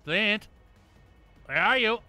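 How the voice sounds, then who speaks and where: A man talks through a shooter game in a sharp, bright, clear voice that swings widely in pitch. He speaks slowly, swears constantly, and erupts into yelling whenever an enemy gets the better of him. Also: animated, no echo, soft background music. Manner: profane, bursts into yelling at enemies. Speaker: gameplay streamer. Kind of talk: let's-play commentary.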